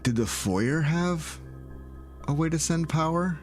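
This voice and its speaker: A man thinking aloud and talking to his viewers in let's-play commentary, moving from calm planning to loud outcries. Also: fairly high pitch, measured pace, soft background music. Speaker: gaming video creator.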